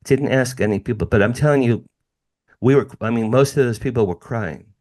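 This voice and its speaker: A man's voice: medium pitch, fairly quick, a little mellow. A middle-aged man from the United States, a podcast guest telling a personal story with emphatic repetition and direct asides to the hosts. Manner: emphatic, repeats phrases, addresses listeners as "you guys".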